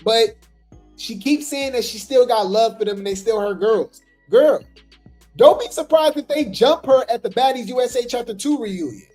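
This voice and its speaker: A woman's voice: a little high, moderate pace, darkish tone, faint music behind. A woman hosting casual gossip commentary, chatty and sassy, talking straight to her viewers.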